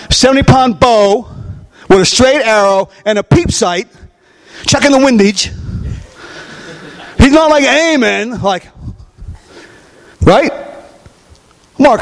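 High-voiced animated preacher. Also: male voice. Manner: animated, asks the congregation questions, acts out scenes. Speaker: pastor. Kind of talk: sermon.

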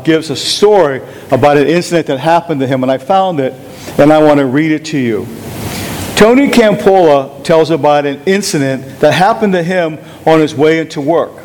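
A male pastor preaching a sermon, animated and emphatic, often putting questions to the congregation. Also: on the high side, slight background noise, low-quality recording.

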